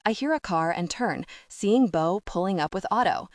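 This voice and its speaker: A woman narrating a first-person romance audiobook in an expressive voice. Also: mid-range voice, normal speed, no room sound, studio quality, far from the mic.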